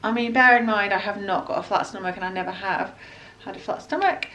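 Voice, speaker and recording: A British woman in her thirties talks straight to camera in a relaxed home vlog. Her speech rambles and doubles back, full of "like" and "um", at a mid-range pitch. She keeps it loose and conversational. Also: brisk. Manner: chatty, rambling with many fillers and restarts. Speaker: vlogger. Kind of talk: casual pregnancy update vlog.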